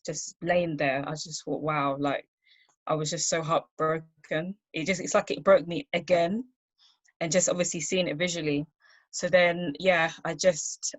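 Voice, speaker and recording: Woman, low pitch, soft halting testimony over a dry video-call line. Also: dry recording. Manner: soft, halting, full of fillers and restarts. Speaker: workshop speaker sharing her story.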